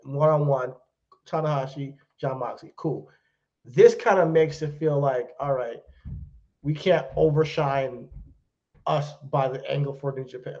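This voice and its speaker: A man co-hosting a wrestling podcast in relaxed casual chat, laughing easily and using many fillers. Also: a little high. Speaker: podcast co-host. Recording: dull lo-fi sound.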